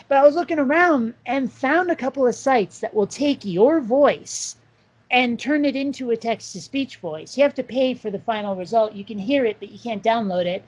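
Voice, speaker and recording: A woman co-hosting a casual talk show, chatting in an animated, rambling way with lots of asides. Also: on the high side, moderate pace, dull audio. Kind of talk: casual chat.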